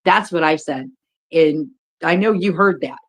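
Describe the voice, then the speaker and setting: A woman's voice: low voice, unhurried. A woman hosting a casual livestream chat, blunt, profane and teasing. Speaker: livestream host.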